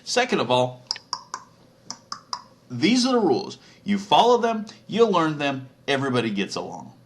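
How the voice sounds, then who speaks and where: A man's voice: medium pitch, wildly swooping pitch, moderate pace, pitched above the performer's own voice. A man voicing a very old Moses as a grumpy, put-upon figure who complains and swears. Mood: scolding. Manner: whiny and profane complaining.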